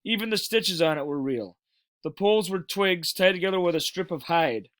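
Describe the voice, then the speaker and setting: A man reading a children's novel aloud in a steady, plain manner with small stumbles. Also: sits high, normal speed, no room sound. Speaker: reader. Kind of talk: storybook read-aloud.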